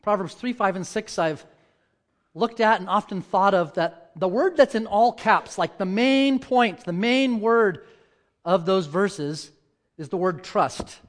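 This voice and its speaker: Man preaching, from hushed prayer to rising fervor. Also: sits high, a little slow. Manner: reads scripture, prays softly, then tells stories and rises to loud dramatic peaks. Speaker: church elder preaching. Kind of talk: sermon.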